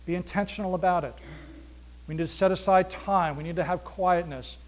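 A pastor delivers a sermon in a fairly quick, high-sitting voice, lurching from loud emphasis to near-whispers. He acts out dialogue and throws out rhetorical questions.

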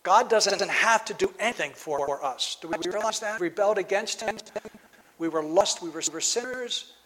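A man with a high voice delivers a reflective sermon, pausing and restarting his phrases as he thinks aloud. His voice rings out with a long reverb, as if he were in a large hall. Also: a bit bright. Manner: reflective, halting with frequent restarts. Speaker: preacher.

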